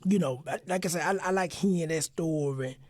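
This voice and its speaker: A man hosting a podcast interview, telling a story in an animated, slangy way. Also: a little high, fairly quick, no room sound, studio quality. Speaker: podcast host. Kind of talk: casual interview chat.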